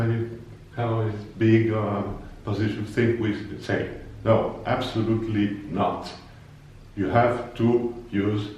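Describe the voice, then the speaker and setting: A man teaching vocabulary in a patient, explanatory way, repeating each word slowly for learners. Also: lowish voice, darkish tone, lo-fi sound, a little hiss or hum. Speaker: language teacher. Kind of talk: slow explanatory lesson. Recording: very echoey room, voice from far off.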